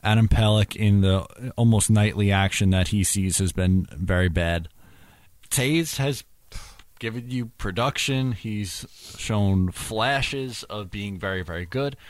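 A man with a fairly low voice gives blunt, opinionated hockey takes in a casual chat. The sound is dry and close to the mic. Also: measured pace, dry recording. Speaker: podcast co-host.

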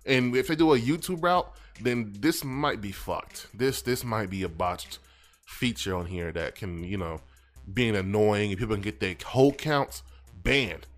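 A man's voice: lowish voice, animated, a little slow, faint music behind. A man co-hosting a casual podcast, talking in a loose, rambling, slangy way. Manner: loose, rambling, slangy, reads chat aloud. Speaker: podcast co-host. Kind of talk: casual chat.

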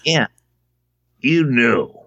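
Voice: mid-range voice, big pitch swings, drawn-out words, highs cut off, a crowd in the background. A podcast co-host reacting to a movie in casual chat, laughing often and drawing out reactions.

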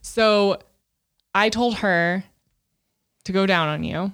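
A woman's voice: medium pitch, takes it slowly, fairly bright tone, clean tone. A woman in her thirties co-hosting a podcast, speaking openly and emotionally, with frequent laughs and fillers. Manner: open, emotional, laughs often, many fillers. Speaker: podcast co-host. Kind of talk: candid casual chat.

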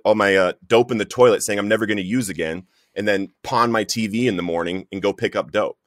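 A man's voice: lowish voice, a little fast, fairly bright tone, dry recording, clean studio sound. A man giving an earnest, emotional personal testimony in conversation, often calling the listener "bro". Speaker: guest sharing recovery story.

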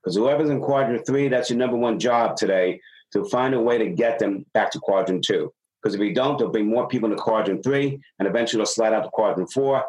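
A middle-aged man, a sales consultant being interviewed on a podcast, explaining ideas and acting out stories with lively dialogue. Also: on the low side, a little fast, low-quality recording. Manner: animated storyteller, acts out dialogue.

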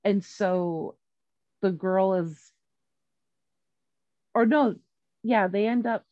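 A woman's voice: mid-range voice, drawn-out words, mellow, no echo, muffled recording. A woman retelling a story in casual chat, rambling and swearing freely, with many fillers and restarts.

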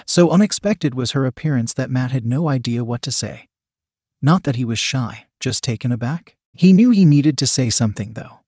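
A man reading a story aloud in measured, even audiobook narration. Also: medium pitch, breathy edge, no echo, clean studio sound.

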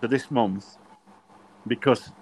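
A man's voice: mid-range voice, slow, breathy edge. An older man, a former referee, tells anecdotes on a podcast and acts out the dialogue. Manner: animated storyteller who acts out quoted dialogue. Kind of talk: podcast interview, anecdotal storytelling.

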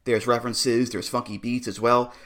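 A podcast co-host with a mid-range, fairly bright voice keeps a level tone and moderate pace. He chats casually and with amusement in a review conversation, laughing often and restarting his sentences.

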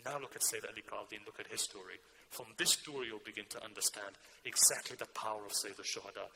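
A man preaching a sermon, telling a story whose quieter passages drop low and soft. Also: quick pace, gravelly, background noise.

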